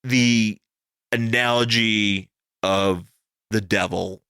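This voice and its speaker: A man's voice: fairly low pitch, steady tone, slow, sharp tone, clean tone, no room sound, clean studio sound. A man co-hosting a comic-book podcast in casual chat, rambling and jokey, full of fillers and swearing. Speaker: podcast co-host.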